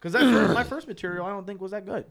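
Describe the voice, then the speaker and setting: A young man chatting on a podcast with a fairly high voice. He tells loose, profane stories and laughs as he talks. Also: racing, vocal fry, a crowd in the background. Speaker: podcast co-host. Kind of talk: casual chat.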